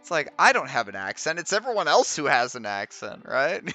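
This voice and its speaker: A man's voice: fairly high pitch, sing-song, moderate pace, bright, forceful tone, soft background music. A young man with a Midwestern American accent chatting casually with viewers while streaming a game, laughing often and trailing off as he reads.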